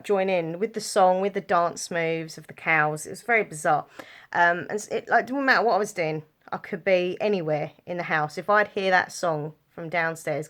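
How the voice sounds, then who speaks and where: Chatty giggly woman, low voice. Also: fairly bright tone. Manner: chatty, giggly, rambling with lots of fillers. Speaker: vlogger. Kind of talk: casual chat to camera.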